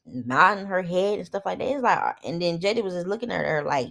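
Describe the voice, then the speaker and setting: A woman's voice: fairly low pitch, expressive, a little fast, gravelly, fairly bright tone. A young woman recapping a reality show in blunt, profane, opinionated casual commentary.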